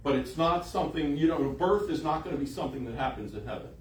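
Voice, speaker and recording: A man's voice: on the high side, fast talker, a little hiss or hum. A man preaching a sermon in an emphatic way, repeating phrases for emphasis. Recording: echoey room, voice from a distance.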